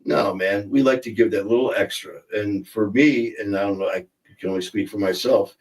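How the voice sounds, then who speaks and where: A man's voice: lowish voice, moderate pace, recorded from a distance, low-quality recording. Chatty man hosting a livestream. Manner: chatty, rambling, reads viewer comments aloud. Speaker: host. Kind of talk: casual livestream chat.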